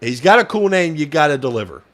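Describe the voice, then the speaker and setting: A man's voice: on the high side, very animated, fast talker, fairly bright tone. A young man giving casual fan play-by-play commentary, frustrated and ranting at the play calling, sometimes swearing.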